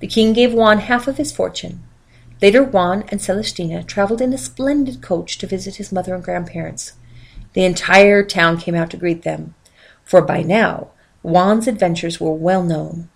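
A woman reading a storybook aloud in a steady, quiet narration. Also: fairly low pitch, normal speed, gravelly, poor audio.

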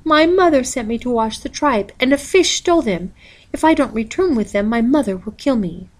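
A spoiled, whiny young stepsister from a storybook, high and loud, played by a woman reading aloud. She sounds petulant and self-pitying. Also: animated, normal speed.

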